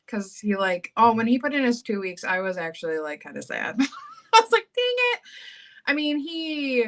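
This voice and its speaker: A woman chatting casually and breaking into laughter as she tells stories about a coworker. Her voice is bright and forceful, and she talks in a loose, animated way. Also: on the high side, moderate pace. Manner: laughs often, animated and giggly. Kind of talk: casual storytelling chat.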